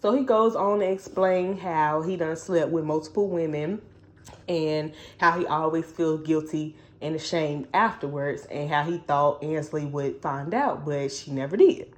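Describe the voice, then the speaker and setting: A woman's voice: sits low, a little slow. A woman retelling a novel's plot in a chatty, slangy, casual way as a book reviewer. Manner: animated, chatty storytelling with slang.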